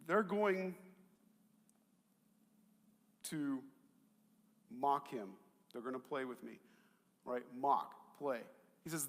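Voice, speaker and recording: A man preaching a sermon as pastor, animated and conversational, swinging from loud emphatic peaks to quiet asides, with jokes and rhetorical questions. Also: high voice, big-room sound. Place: church auditorium.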